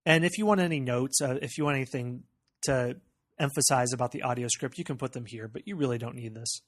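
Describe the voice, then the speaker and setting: A man's voice: medium pitch, quick pace. Casual General American man explaining. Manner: conversational and explanatory, with frequent "uh" and "okay". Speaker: tutorial presenter. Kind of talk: casual screencast walkthrough.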